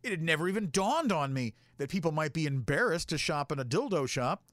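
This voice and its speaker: A man spins a rambling, foul-mouthed story in a casual host's chat, his slightly high voice swinging widely in pitch. The sound is dry and close, with no room echo. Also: fairly quick. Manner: profane, rambling, animated.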